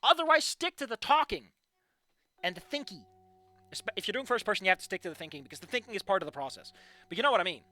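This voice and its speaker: A man's voice: high voice, fast, no room sound. A young man reading fan fiction aloud and critiquing it in a sarcastic, profane rant. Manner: animated, sarcastic, profane ranting.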